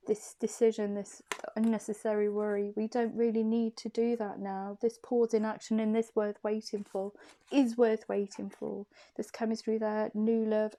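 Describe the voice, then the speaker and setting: A woman's voice: medium pitch, vocal fry, mellow. A woman giving an intuitive tarot card reading to camera. She talks in a soothing, reassuring way and often repeats her phrases and questions.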